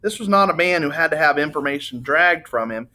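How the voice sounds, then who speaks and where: A man, a teacher, reading a novel aloud to his students in a relaxed, unhurried way. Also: fairly high pitch.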